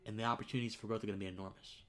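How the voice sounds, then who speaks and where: Speaking very fast in a low-ish, level voice, a young livestream host earnestly relates something personal. He ends up choked up and in tears, his voice dropping to almost a whisper.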